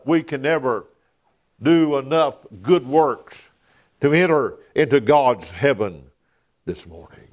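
A man preaching a sermon in a church, filling pauses with "uh" and dropping to a near whisper on key words. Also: mid-range voice. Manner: preaching with frequent "uh" fillers, dropping to hushed emphasis.

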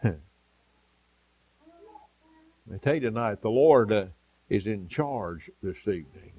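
A man preaching an evening sermon, with a rhythmic delivery that rises for emphasis and drops soft and low. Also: lively intonation, slow, breathy edge, muffled recording.

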